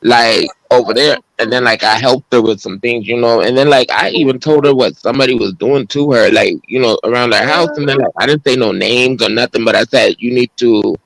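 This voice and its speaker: Gravelly-voiced man telling a story casually. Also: mid-range voice, fairly quick, few pauses, dry recording, rough recording. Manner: relaxed, rambling, many fillers. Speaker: guest, host's cousin. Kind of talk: casual conversation.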